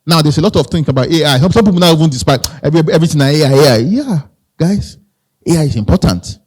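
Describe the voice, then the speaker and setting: A man's voice: a little high, animated, fast, darkish tone, breathy edge. A man with a Nigerian accent giving a live motivational talk, conversational, repeating phrases and asking the audience questions. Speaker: motivational speaker.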